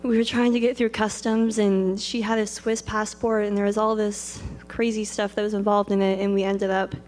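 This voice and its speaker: A woman's voice: medium pitch, little pitch movement, normal speed, darkish tone, slight background noise. A young woman telling a personal story in a chatty, rambling way. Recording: long reverb.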